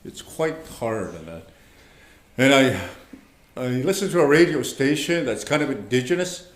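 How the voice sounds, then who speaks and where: A man teaching an online language class, speaking slowly and patiently, repeating words and checking in with his students. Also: medium pitch, echoey room. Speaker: language instructor.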